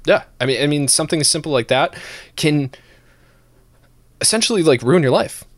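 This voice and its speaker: With a slightly high voice at normal speed and no echo, a man co-hosts a laid-back stream podcast. He rants with heavy profanity, energetic and laughing.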